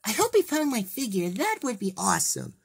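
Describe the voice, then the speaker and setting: A woman voicing an excitable cartoon girl hedgehog toy in a fan toy play, gushing and gasping with delight. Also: on the high side, brisk, creaky, slightly rough, full character voice. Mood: excited.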